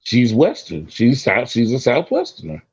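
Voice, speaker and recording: A man's voice: medium pitch, huge pitch swings, normal speed, darkish tone, husky, dry recording. A man from Florida, talking casually and emphatically, often repeating his point. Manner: talkative, emphatic, repeats himself. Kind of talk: casual chat. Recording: dull lo-fi sound.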